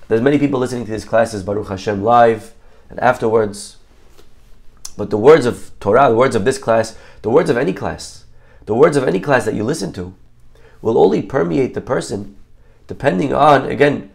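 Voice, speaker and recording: A man teaching a Torah class, telling a parable and acting out each character's lines with lively storytelling. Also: mid-range voice, creaky. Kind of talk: storytelling sermon.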